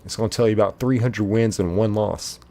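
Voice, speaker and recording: A man's voice: fairly low pitch, fairly even intonation, fairly quick, vocal fry, dark tone. A man hosting a live stream in casual chat, reading viewer comments aloud and answering them in a rambling way, full of filler "like"s.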